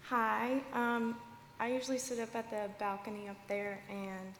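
A woman in her twenties giving a church testimony through tears, her voice shaky and earnest. She speaks high, and the sound carries through a big church hall with a long reverb. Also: little pitch movement, normal speed, slight background noise. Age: 20s. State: crying. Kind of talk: emotional testimony at church service. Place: large church with balcony.

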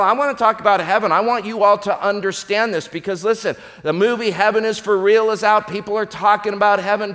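A man preaching a sermon as pastor, telling a joke with lively voices for the characters. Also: sits high, long reverb tail.

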